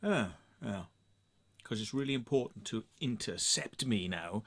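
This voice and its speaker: A middle-aged English man telling a story in a sweary, sarcastic, animated rant to camera. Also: lowish voice, measured pace. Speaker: vlogger. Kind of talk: casual ranting monologue.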